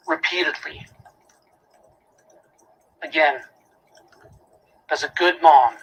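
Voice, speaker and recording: A man's voice: on the high side, husky, rough recording. A man giving a prosecutor's closing argument in a courtroom, emphatic, repeating key phrases and asking rhetorical questions.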